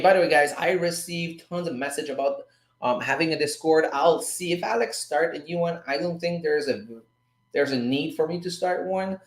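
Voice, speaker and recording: A man with a fairly high voice talks loosely to his live-stream viewers about forex trades, casual and a bit profane. The sound is roomy, with a noticeable echo off the walls. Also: darkish tone. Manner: loose, chatty, swears casually, calls the audience "guys" and "dude". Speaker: livestream host teaching forex trading.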